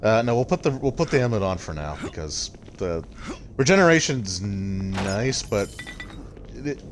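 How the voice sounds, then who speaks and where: A man's voice: fairly low pitch, normal speed. A man streaming a video game, rambling and thinking aloud as he chats with his viewers. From Canada. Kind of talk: casual gameplay commentary. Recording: loud steady background noise.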